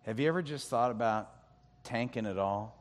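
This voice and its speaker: A middle-aged man preaching a sermon, animated and jokey, acting out complaints with his voice climbing higher. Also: moderate pace. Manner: animated, jokey, acts out complaints with rising pitch. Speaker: pastor. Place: church sanctuary. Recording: long reverb of a large hall.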